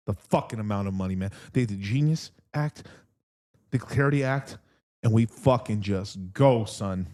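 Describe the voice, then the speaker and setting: A young man hosting a crypto livestream in a casual, rambling chat, swearing constantly and getting excitable as he talks. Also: on the low side, unhurried. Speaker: crypto stream host.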